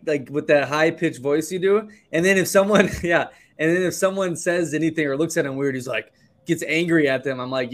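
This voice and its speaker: A man's voice: fairly high pitch, steady tone, brisk. A man in a casual chat, teasing a friend.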